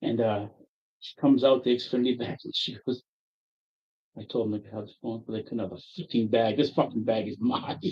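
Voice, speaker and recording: A man with a husky, slightly breathy voice tells a long, profane story among friends, bursting out loud as he acts out his own angry lines. The recording is dull and lo-fi. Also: mid-range voice, fairly even intonation, normal speed. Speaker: player telling a story. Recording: dull lo-fi audio.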